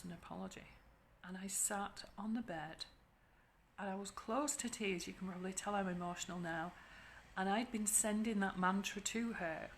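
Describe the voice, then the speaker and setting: A woman therapist giving a soft, reflective spiritual talk, speaking slowly and gently. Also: medium pitch, slight background noise.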